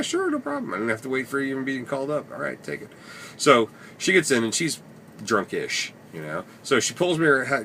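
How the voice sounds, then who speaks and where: A man's voice: low-pitched, sharp tone, slight background noise. A man telling stories from his taxi shifts in a rambling, wry way, sometimes swearing, recorded inside his cab. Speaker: taxi driver. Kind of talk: casual storytelling vlog.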